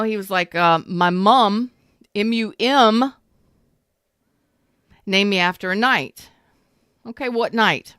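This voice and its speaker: A woman, a tarot reader and love coach, chatting casually and bluntly on a livestream with animated storytelling. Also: medium pitch, smooth, no room sound, studio quality.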